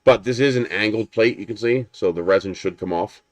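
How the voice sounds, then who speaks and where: A man's voice: on the low side, a little fast, dry recording. A man hosting a live stream, chatting casually and rambling as he unboxes a printer and answers viewers. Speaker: 3D printing livestream host.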